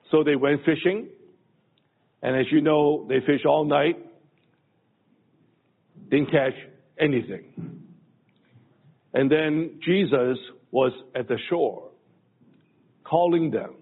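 Male preacher, slow halting sermon, raspy voice, phone-quality audio in a big echoing hall. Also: a little high. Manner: slow, halting delivery with many pauses and restarts.

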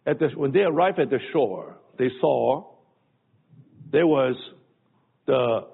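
Male preacher, slow halting sermon, raspy voice, phone-quality audio in a big echoing hall. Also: mid-range voice, expressive. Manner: slow, halting delivery with many pauses and restarts.

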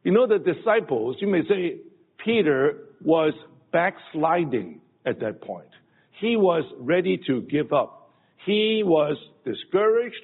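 Slow gravelly preacher on a tinny line. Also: male voice, a little high, sing-song. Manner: slow, halting delivery with many pauses and restarts. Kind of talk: sermon. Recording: phone-like lo-fi audio with long hall reverb.

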